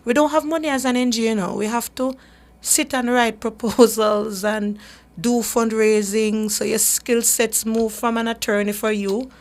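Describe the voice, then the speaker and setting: A woman's voice: on the high side, fairly even intonation, moderate pace. A woman, a human rights advocate hosting a radio talk show, speaking earnestly and emphatically with frequent restarts. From Jamaica.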